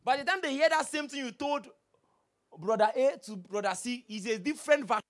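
A man with a Nigerian accent, a pastor preaching a sermon, lively and humorous, asking the congregation question after question. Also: very high-pitched, a little fast. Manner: animated preaching with humor and repeated rhetorical questions.

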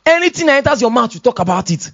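A Nigerian man preaches with a high voice, dropping into quiet, chuckling asides before building to loud, shouted exhortations. The sermon sounds dull and lo-fi, like a modest church recording. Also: very animated, rapid-fire, gravelly. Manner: swings from soft asides to loud shouted exhortations, laughs often. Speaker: pastor.

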